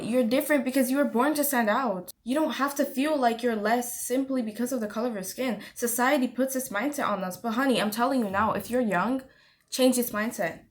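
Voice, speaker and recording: Brief: woman vlogger, high voice, emphatic motivational talk to camera, lots of repetition and "honey". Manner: emphatic, repeats lines, calls listener honey.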